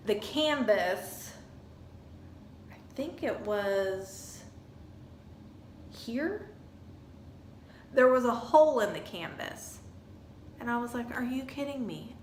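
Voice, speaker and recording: A woman vlogger telling a chatty, animated story about a purchase. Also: medium pitch, slight background noise. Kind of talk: casual storytelling review. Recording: echoey room with faint ambience.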